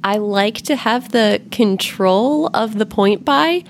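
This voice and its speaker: A woman's voice: medium pitch, slow, slight background noise. A woman appearing as a guest player on a gaming podcast, giving short, matter-of-fact answers in casual chat.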